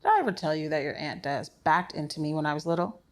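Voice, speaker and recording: A woman playing an older, sick father who is gruff, crude and wry, telling blunt, profane stories in a stage play. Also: low-pitched, fast, close to an everyday voice. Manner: blunt, sardonic, profane storytelling.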